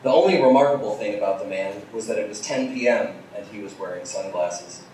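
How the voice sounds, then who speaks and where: A man reads bawdy fan fiction aloud in a small theater. His delivery stays dry and deadpan between crude jokes. The sound comes from a distance and rings around the room. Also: fairly low pitch, a little fast, background noise. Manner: deadpan storyteller with crude asides. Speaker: comedy reader. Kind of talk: comic live reading of fan fiction. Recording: distant, echoey live theater recording.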